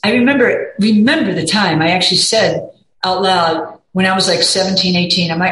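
A woman's voice: fairly low pitch, brisk, fairly bright tone. A woman guest on a podcast who talks earnestly in casual chat, often restarting her sentences and quoting her own self-talk. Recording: roomy echo, faint background.

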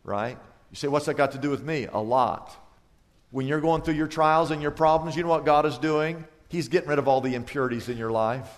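Male pastor, sermon delivery, dynamic with sudden high loud peaks, reverberant sanctuary sound. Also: a little fast. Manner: acts out little dialogues for illustration.

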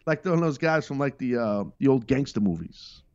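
A man's voice: mid-range voice, animated, normal speed, a little mellow, no echo. Emphatic, rambling man hosting a podcast. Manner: rambling, emphatic, self-interrupting. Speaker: podcast host and wrestling commentator. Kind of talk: casual monologue. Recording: dull lo-fi dry sound.

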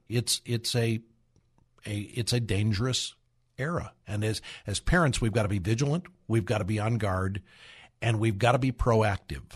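Fairly low-pitched and slightly rough, this middle-aged man hosts a radio talk in which he earnestly exhorts parents, says things again and again, and performs quoted voices.

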